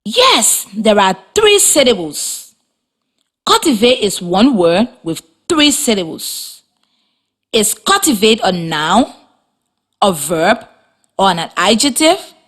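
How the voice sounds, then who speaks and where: A woman teacher giving a reading lesson for young children, speaking slowly and clearly with encouraging classroom delivery and a Liberian accent. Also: mid-range voice, big pitch swings, a bit bright.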